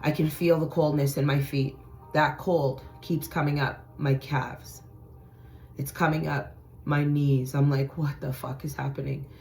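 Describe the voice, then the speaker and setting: A woman's voice: low-pitched, flat delivery, a little slow, a little mellow, faint music behind. A woman hosting a vlog, telling a frightening personal story in an intense, profane, dramatic way. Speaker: channel host.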